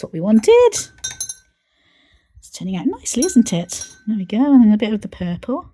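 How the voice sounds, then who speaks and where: A woman's voice: mid-range voice, sing-song, normal speed, long pauses, warm tone. Chatty woman painting live. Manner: chatty, talks to herself while painting, playful. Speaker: art channel host.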